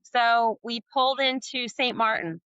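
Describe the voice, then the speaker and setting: Bright, animated woman telling sea stories. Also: fairly high pitch, unhurried, clean tone, no room sound, highs cut off. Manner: animated storyteller, acting out dialogue. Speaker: guest, sailor and author. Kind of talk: storytelling in a podcast interview.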